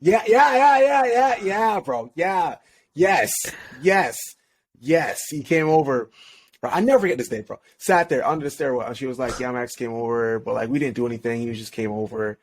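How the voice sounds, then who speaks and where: A man's voice: medium pitch, normal speed. A young man, a podcast guest, telling a personal story in casual slangy talk. He laughs often and restarts his sentences. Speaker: podcast guest, relationship coach.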